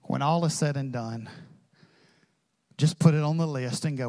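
A man's voice: medium pitch, steady tone, normal speed, dark tone, long reverb tail. A man preaching a sermon as pastor, impassioned and acting out prayers and quotes.

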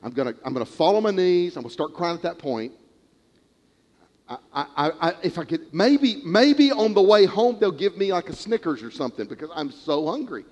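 A starving young runaway pleads and rehearses his apology, as a preacher puts him on, his voice climbing high and urgent. His words trail into a long, echoing reverb of a large hall. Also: sing-song, brisk, a little mellow. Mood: scheming. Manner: pleading, breathless, rehearsing a plan aloud. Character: starving desperate young man, scheming to return home.

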